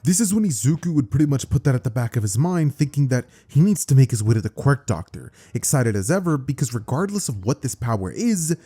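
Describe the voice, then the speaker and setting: A man's voice: medium pitch, big pitch swings, fairly quick, few pauses, dark tone, slightly rough. A man narrating a fan-made story in a loose, conversational way with casual fillers. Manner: conversational, loose fillers like "kinda" and "pretty much".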